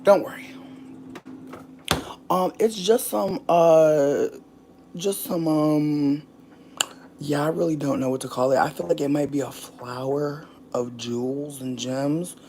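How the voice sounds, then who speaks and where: A young woman from the US chatting casually to camera, rambling and swearing freely, a little out of breath, dropping to mutters and jumping to loud bursts. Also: low voice, steady tone, a little slow, a little hiss or hum. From United States. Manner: profane, rambling, playfully brash, jumps between mutters and loud bursts. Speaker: vlogger.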